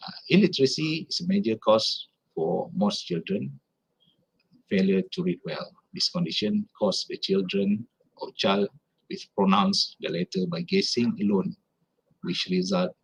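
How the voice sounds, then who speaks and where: A man's voice: fairly low pitch, creaky, husky, lo-fi sound. A man with a Malaysian accent giving a conference lecture, explaining carefully with examples and often restarting his phrases. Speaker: academic speaker.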